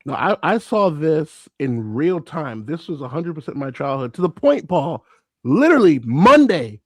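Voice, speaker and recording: An excitable man in his thirties, co-hosting a casual podcast with a notably high voice. He jokes and tells stories eagerly, and the sound is dry and close-miked. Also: normal speed, no echo. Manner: excitable, joking, storytelling. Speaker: podcast co-host. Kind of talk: casual chat.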